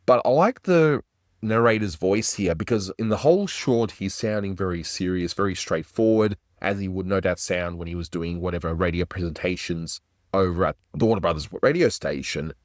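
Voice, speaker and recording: A man hosts a casual review of classic cartoons, chatty and enthusiastic. His voice is low. The recording is dry and close. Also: normal speed, no room sound. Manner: enthusiastic, chatty, does little voice impressions. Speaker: animation reviewer host.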